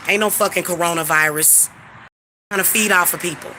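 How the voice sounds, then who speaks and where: A middle-aged woman venting in a casual, profane, emphatic rant, her voice bright and sharp-edged. She sounds irritated as she talks straight to her followers. The room is echoey, with a faint hiss underneath. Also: fairly low pitch, fairly quick. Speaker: spiritual reader and channel host. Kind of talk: casual ranting monologue.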